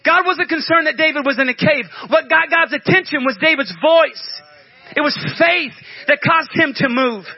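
A man's voice: very high voice, moderate pace, dry recording, highs cut off. A man preaching a sermon with fervent call-outs who acts out prayers as he goes. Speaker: pastor.

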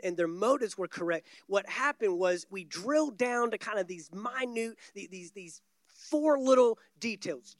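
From a church stage, an American man with a high-pitched voice preaches a sermon on a dry recording. He's emphatic, repeating key words for stress.

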